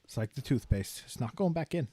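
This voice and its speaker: A man's voice: medium pitch, brisk, breathy edge, no room sound. A man in his forties co-hosting a podcast, telling stories casually with lots of cursing. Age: 40s. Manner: profane, animated storytelling. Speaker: podcast co-host. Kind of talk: casual chat.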